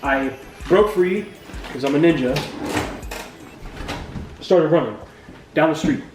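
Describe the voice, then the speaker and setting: A man telling a funny personal story, with jokey deadpan asides and acted-out sound effects. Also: on the high side, slow, noisy background. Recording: roomy echo from a distant mic with music behind.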